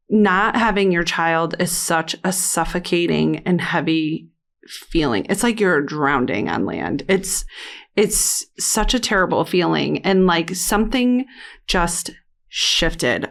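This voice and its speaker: Halting, emotional woman retelling. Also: on the low side. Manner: halting, many restarts and "like" fillers. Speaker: interview guest, mother. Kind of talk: emotional personal storytelling.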